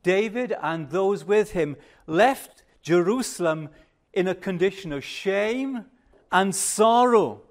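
Older man, sermon, high voice, unhurried delivery, emphatic then hushed. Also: lively intonation. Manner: slow, measured preaching with emphatic rises and hushed pauses. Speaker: preacher.

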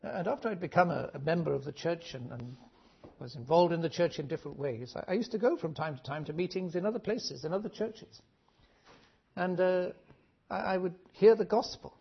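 A preacher from Wales, giving an earnest, measured sermon with frequent restarts, on a dull lo-fi recording. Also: male voice, high voice, gravelly, slightly rough.

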